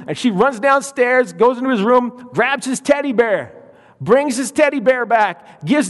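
A middle-aged male pastor preaching a sermon, emphatic and slowing down to stress key lines. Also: very high voice, expressive. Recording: long hall reverb.

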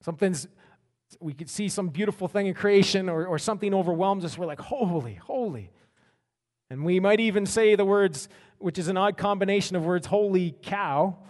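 A middle-aged man preaching, his voice pitched high for a man and full of energy. He repeats words in bursts and acts out reactions. A long hall reverb trails behind him. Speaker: pastor. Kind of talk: sermon.

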